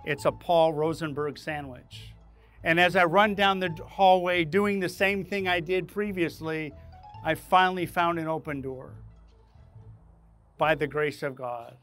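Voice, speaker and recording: A man hosting his own leadership channel, telling a dramatic personal story to camera in an animated way, acting out his own panicked lines. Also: a little high, a little slow, soft background music. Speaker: leadership speaker and channel host.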